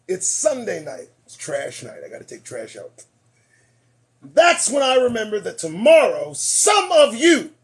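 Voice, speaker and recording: A high-voiced man hosts a late-night commentary show while his voice is failing. He speaks emphatically and preachily, repeats lines for effect, and moves between shouting and muttering.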